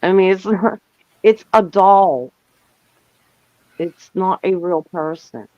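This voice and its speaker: A woman's voice: slow pace, no room sound, lo-fi sound. A middle-aged woman hosting a casual panel chat, telling a story with lots of swearing and acting out what others said. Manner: animated, swearing, acts out quotes in a higher voice. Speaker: panel host.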